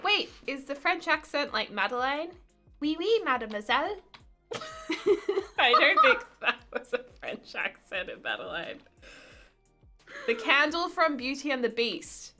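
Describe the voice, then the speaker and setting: A woman's voice: high voice, pushed and bright. A woman streaming a game, chatting casually and often breaking into giggles. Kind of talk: casual live-stream chat while gaming.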